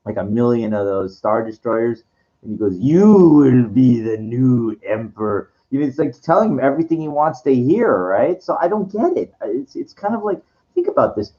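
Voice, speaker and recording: Very animated yet a little mellow, a man delivers a loose, rambling monologue packed with fillers and restarts. Now and then he quotes lines in a low, slow voice; the recording has its highs cut off.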